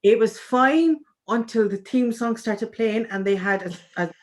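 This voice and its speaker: A woman with an Irish accent, an author chatting as a guest on a video-call interview, animated and full of restarts. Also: on the high side, a little slow. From Ireland.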